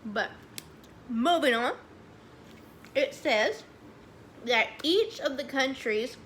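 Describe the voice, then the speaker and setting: A young woman, chatting excitedly as she reviews snacks, saying "y'all" a lot. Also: high-pitched, slow pace, long pauses, a little hiss or hum. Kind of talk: casual chat.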